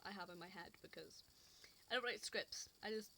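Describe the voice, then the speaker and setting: A woman's voice: medium pitch, normal speed, sharp tone, a little hiss or hum. A woman vlogger talking unscripted to camera, rambling and complaining in an exasperated way. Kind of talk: casual unscripted rant.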